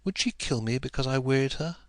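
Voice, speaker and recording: A man voicing a brooding young doctor with a strong baritone, speaking curtly. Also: animated, brisk, no echo, studio quality, lightly acted. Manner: curt.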